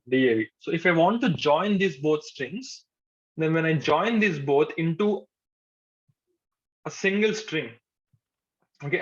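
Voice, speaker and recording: A man's voice: on the high side, fairly bright tone. A male programming instructor, giving a live coding lecture to a class. He repeats his points patiently and says "okay" often. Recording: dull lo-fi sound.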